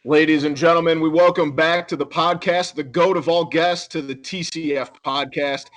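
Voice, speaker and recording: A man's voice: on the high side, steady tone, moderate pace, fairly bright tone. A man hosting a casual podcast who introduces guests in a hype-man style. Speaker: podcast host.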